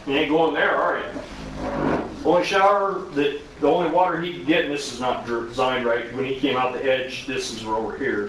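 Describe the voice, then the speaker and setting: A man's voice: mid-range voice, fairly bright tone, slight background noise. A man teaching a first responder safety course, telling an incident story with rhetorical questions to the class. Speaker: safety trainer. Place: arena recreation centre. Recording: distant, very echoey hall.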